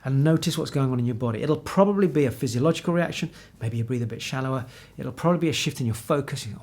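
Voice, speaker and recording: A man in his fifties, a confidence coach, giving an energetic, encouraging talk straight to the viewer from an indoor room. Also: medium pitch, very fast, few pauses. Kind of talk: motivational talk to camera. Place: indoor room with pictures on the wall.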